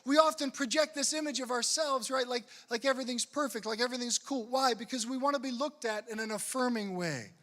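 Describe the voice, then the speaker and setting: A high, bright male voice belongs to a young priest speaking at a conference. He jokes with the audience and slips into other people's voices to act out their lines. His stories carry the talk forward. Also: fairly quick, few pauses. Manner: animated storytelling, acts out people's lines. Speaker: Catholic priest. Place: conference hall.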